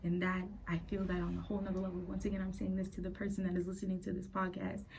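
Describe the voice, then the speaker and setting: A woman in her late twenties hosting a podcast. She tells her personal faith story in an earnest, halting way and is close to tears. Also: lowish voice, monotone, creaky, a little mellow, slight background noise, rough recording. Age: late 20s. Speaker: podcast host.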